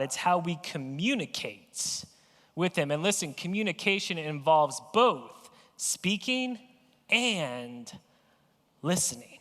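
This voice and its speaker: A man's voice: a little high, a bit bright, long reverb tail. A male pastor preaching a sermon in a conversational storytelling way, playfully acting out everyday phone calls. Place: church sanctuary.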